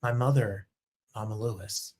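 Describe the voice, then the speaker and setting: A man hosting a show in casual chat, excitable and chatty, jumping from topic to topic. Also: fairly low pitch, moderate pace. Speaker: host. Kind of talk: casual live-stream chat.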